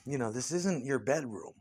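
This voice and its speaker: Man ranting in a casual interview, foul-mouthed and scornful, pitch swinging up and down a lot. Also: big pitch swings, unhurried, a little mellow, breathy edge.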